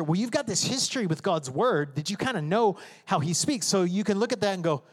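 The sermon comes fairly quickly with few pauses, as a male pastor with a high, bright voice and lively intonation preaches from the stage. His emphatic, conversational words ring through a reverberant sanctuary, and he voices his congregation and their prayers.

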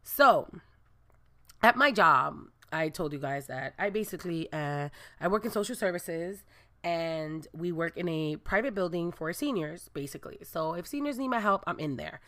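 A young adult woman from Brooklyn, New York, casually telling viewers a story and acting out the dialogue with lively voices. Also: lowish voice, moderate pace. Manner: animated, acts out dialogue with voices. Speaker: storyteller vlogger.

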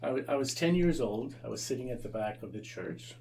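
Gravelly-voiced priest telling a story. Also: male voice, medium pitch, expressive, fairly quick, darkish tone, distant mic, slight background noise. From Canada. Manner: repeats words and restarts often, acts out quoted voices. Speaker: Anglican priest, interview guest. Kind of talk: storytelling in a conversational interview.

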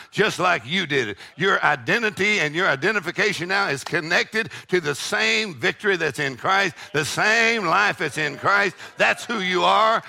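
Gravelly older preacher. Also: male voice, sits high. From Texas. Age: 60s. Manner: preachy call-and-response with shouted peaks and laughing asides. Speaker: pastor. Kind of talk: sermon.

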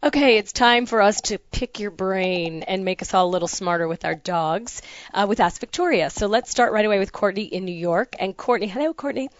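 A woman's voice: medium pitch, brisk, dry recording, highs cut off. A woman co-hosting a podcast, reading out listener questions and adding chatty asides. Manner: reads letters aloud with chatty asides. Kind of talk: casual podcast chat.

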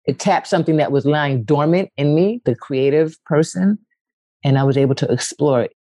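A woman's voice: normal speed, dry recording. A woman from West Philadelphia, a poet and actress, telling stories candidly as a guest and acting out quotes with big leaps in her voice. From West Philadelphia, USA. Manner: animated, acts out quotes with big pitch leaps, casual swearing. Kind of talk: candid storytelling conversation.

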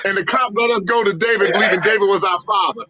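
A middle-aged man from St. Louis telling animated family stories in a casual roundtable, acting out voices as he goes. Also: fast, crowd noise. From St. Louis, USA. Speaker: roundtable participant. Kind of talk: casual storytelling among family. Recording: dull low-fidelity dry sound.

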